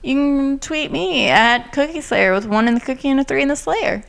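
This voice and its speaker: A woman's voice: sits high, moderate pace, vocal fry. Blunt podcast co-host, woman, casual and irritated, salty language. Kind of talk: casual chat recapping a TV show.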